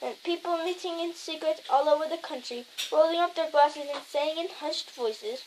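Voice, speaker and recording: A woman's voice: sits high, normal speed, a little mellow, slight background noise, rough recording. A woman reading a novel aloud, stumbling over words and correcting herself as she goes. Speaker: reader.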